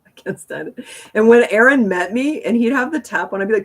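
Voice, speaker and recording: A woman's voice: a little high, fast. A woman hosting a casual livestream, chatting in a rambling way with frequent laughs. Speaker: livestream host.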